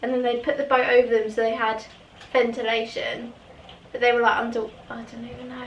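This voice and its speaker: A woman's voice: a little high, monotone, a little fast, roomy sound, distant mic, highs cut off, slight background noise. A woman telling a long story in a casual, rambling way, often laughing mid-sentence. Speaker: vlogger.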